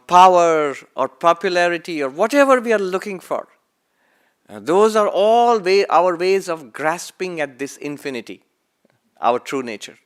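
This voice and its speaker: A man giving a spiritual talk as a monk, asking rhetorical questions, rising emphatically, then letting his lines fade softly. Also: fairly high pitch, smooth. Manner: rhetorical questions, emphatic rises and soft trailing endings; slow deliberate delivery with repeated phrases. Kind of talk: lecture-style sermon.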